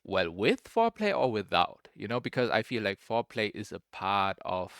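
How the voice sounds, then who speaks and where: This young man has a low-set voice with a bright, forceful edge, and his pitch swings all over the place. He rambles casually, stumbles and restarts his sentences, and drops "bro" at every turn. The sound is close and dry. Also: big pitch swings, normal speed, gravelly, no room sound. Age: young adult. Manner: rambling, says "bro" constantly, restarts often. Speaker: streamer reacting to a clip.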